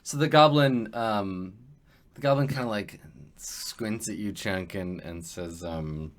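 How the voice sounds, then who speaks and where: A man narrating as game master of a tabletop game, loose and halting with many fillers. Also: lowish voice.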